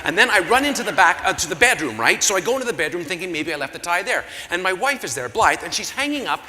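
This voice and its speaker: Male gala emcee, lively up-and-down delivery, comic rambling storyteller, stage mic in a reverberant convention hall. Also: sits high, fast. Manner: rambling comic storytelling, packed with sponsor plugs. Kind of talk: comic storytelling to a live audience. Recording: echoey hall, faint crowd ambience.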